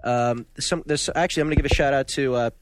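Fast-talking, enthusiastic man. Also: medium pitch, slight background noise. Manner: enthusiastic, stammers on restarts. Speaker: podcast co-host. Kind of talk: casual chat.

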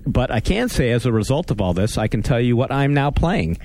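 Very animated and a little fast, a man with a medium-pitched, darkish voice hosts a casual gaming podcast. He rambles, cuts himself off mid-sentence to restart, and keeps a wry tone.

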